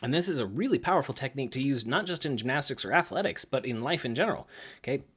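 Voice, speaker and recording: A young adult man, a gymnastics coach, talking casually to the camera about coaching. He is lively, uses many fillers, and acts out kids' lines in higher voices. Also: fast, slightly rough.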